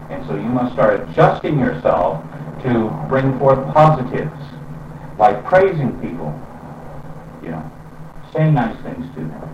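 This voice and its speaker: A man giving a reflective spiritual talk in an unhurried way, with pauses and fillers. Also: medium pitch, a little mellow, a little hiss or hum. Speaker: spiritual teacher. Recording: roomy, distant and dull lo-fi sound with faint ambience.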